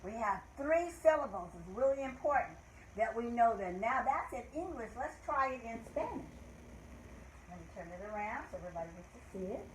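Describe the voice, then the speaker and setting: An older woman hosting a children's learning show, leading a calendar lesson in slow, encouraging teacher talk with cheerful call-outs. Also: a little high, very animated, echoey room, noisy background.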